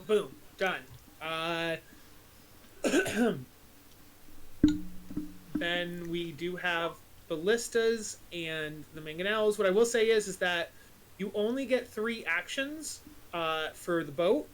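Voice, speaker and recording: A woman as dungeon master, explaining rules with lots of fillers and quick laughs. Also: lowish voice. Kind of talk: running a tabletop game on stream.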